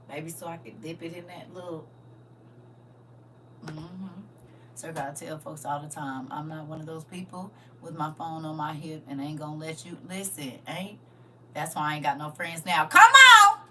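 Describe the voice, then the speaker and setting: A woman's voice: fairly low pitch, noisy background. A middle-aged woman chatting bluntly and animatedly to her live viewers as host. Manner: blunt, animated, talks to her audience as y'all and baby. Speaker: livestream host. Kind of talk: casual chat to viewers.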